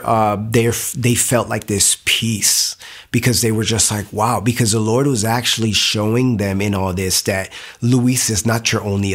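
A young man telling a personal faith testimony in a casual, animated way, full of "like" fillers and acted-out quotes. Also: fairly low pitch. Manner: animated storytelling with many "like" fillers, acting out quotes. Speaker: guest sharing testimony.

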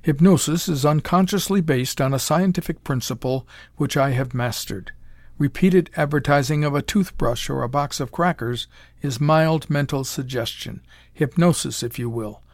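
A man voicing a cheerful, cruel male mad scientist who talks in a smooth, calm, condescending way. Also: fairly high pitch, normal speed, no room sound, clean studio sound. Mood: coolly threatening.

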